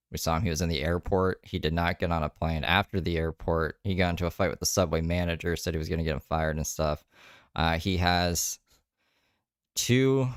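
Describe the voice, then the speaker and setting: A man with a very low voice chats through a stream recap in a loose, rambling way, dropping the odd swear word. His voice is close and dry, with no room sound at all. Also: clear, resonant tone, no room sound. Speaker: streamer host. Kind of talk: casual livestream commentary.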